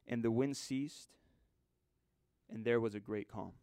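A man preaching a sermon in a conversational way, swinging from loud, urgent lines to hushed ones. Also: medium pitch, steady tone, unhurried, clear, resonant tone, dry recording.

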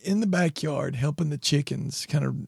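Gravelly, husky man in his forties. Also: fairly high pitch, normal speed, dry recording. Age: 40s. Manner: storytelling, wry and self-mocking. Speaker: podcast co-host. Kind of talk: casual chat.

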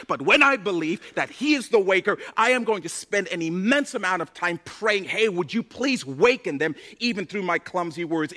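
A man preaching a sermon as pastor, impassioned and building to loud, emphatic bursts. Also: high voice.

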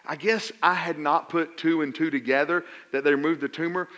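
Bright-voiced man preaching a sermon. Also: on the high side, steady tone, brisk. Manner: storytelling, stammers on restarts, builds to loud emphatic preaching. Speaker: pastor.

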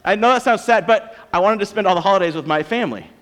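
A man's voice: high voice, fast talker, fairly bright tone. A man with an American accent preaching a sermon as a pastor, conversational and joking. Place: church auditorium. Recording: long reverb of a church hall.

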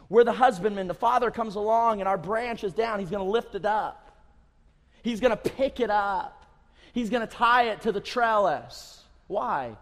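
A man preaching a sermon in a church, emphatic and repetitive, stressing his points again and again. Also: high-pitched. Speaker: pastor. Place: church sanctuary. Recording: long church reverb.

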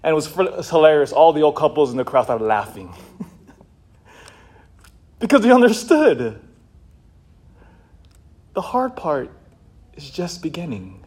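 A male priest giving a passionate homily, swinging between loud, fired-up shouting and hushed, quiet stretches. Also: on the high side, very animated, measured pace, pauses often, husky. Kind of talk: sermon.

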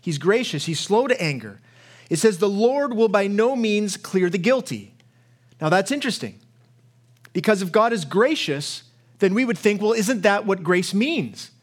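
High-voiced male preacher, impassioned. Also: lively intonation, normal speed. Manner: impassioned storytelling, repeats words when worked up. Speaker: pastor. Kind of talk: sermon.

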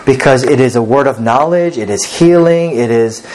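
A man's voice: medium pitch, normal speed, darkish tone, rough recording. A man preaching an earnest sermon as pastor, reading scripture aloud and pressing his points with rising emphasis.

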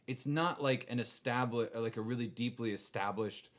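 A man co-hosting a podcast, critiquing a show in a wry, halting way with many fillers. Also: mid-range voice. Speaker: podcast co-host. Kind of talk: casual chat recapping a TV show.

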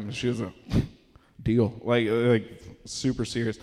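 Young male comic, self-mocking storyteller, mid pitch, live room with lingering reverb. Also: little pitch movement, measured pace, a little mellow. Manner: rambling, self-mocking, acts out quotes in raised voices. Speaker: stand-up comedian. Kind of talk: stand-up storytelling. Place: live comedy venue.

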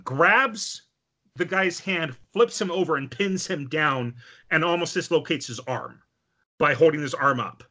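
Bright-voiced man recapping an anime. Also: fairly high pitch, a little slow. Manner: animated storytelling with many fillers. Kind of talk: casual chat recapping an anime.

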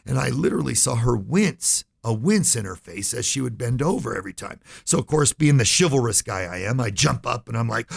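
A man's voice: medium pitch, animated, quick pace, gravelly, hardly any pauses, slightly rough. A middle-aged man, a financial advisor, telling a story in an interview and acting out the voices he quotes.

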